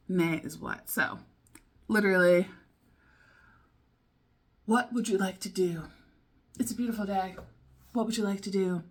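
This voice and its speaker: A woman talking slowly and casually to camera, puzzling over new words out loud. She repeats phrases to herself and wanders into side chatter, with small laughs along the way. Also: mid-range voice, breathy edge. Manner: thinks aloud, repeats foreign phrases and muses to herself; chatty, easily sidetracked, with little laughs. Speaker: language-learning vlogger. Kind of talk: casual study vlog.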